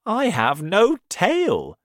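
A man voicing a worried father fox who urges his family on in shouts. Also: high voice, wildly swooping pitch, very slow, dry recording, voice pushed up, full character voice. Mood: sad. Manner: urgent and shouting. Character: worried adult male fox, a protective father.

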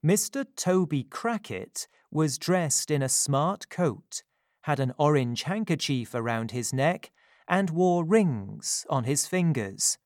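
A reader narrating a story in a slow, careful, scripted style. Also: medium pitch, animated, a little mellow, no echo, studio quality.

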